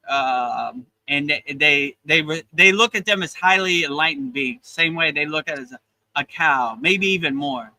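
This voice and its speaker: A man's voice: a little high, pushed and bright, poor audio. A man hosting a casual spiritual livestream chat, earnest and emotional, often repeating words as he starts a sentence. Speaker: yoga teacher and livestream host. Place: beach in Thailand.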